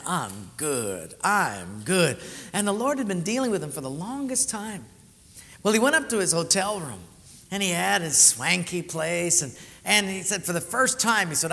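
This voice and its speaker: Guy preaching a sermon, bright punchy voice, telling stories and doing the voices, big hall echo. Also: high voice. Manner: animated storytelling, acts out quoted voices. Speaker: pastor. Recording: live hall reverb.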